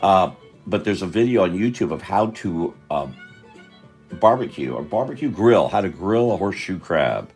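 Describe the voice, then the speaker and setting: A man's voice: low-pitched, animated, normal speed, a little mellow, husky, faint music behind. An older man chatting on a live stream while he draws, rambling and interrupting himself, tired. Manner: meandering, self-interrupting, chatty.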